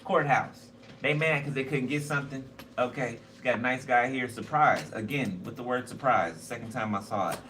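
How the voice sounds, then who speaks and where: A man's voice: medium pitch, brisk, few pauses, sharp tone. A man doing a casual tarot card reading, blunt and profane and repeating himself a lot. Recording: noisy, distant mic.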